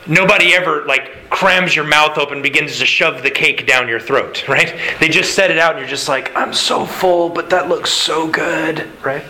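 A man's voice: on the high side, pushed and bright, rough recording. A man preaching a sermon in a conversational way, with fillers and asides. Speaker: pastor.

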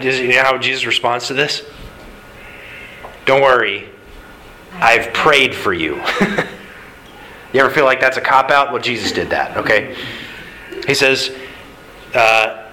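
A man's voice: medium pitch, pushed and bright, a little hiss or hum, poor audio. A man preaching a sermon in a conversational way, with fillers and asides. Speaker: pastor.

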